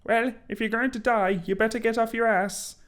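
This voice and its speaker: A man's voice: very high-pitched, steady tone, normal speed, fairly bright tone, voice pushed up. A man voicing a blunt, crude teenage boy wizard in a raised voice.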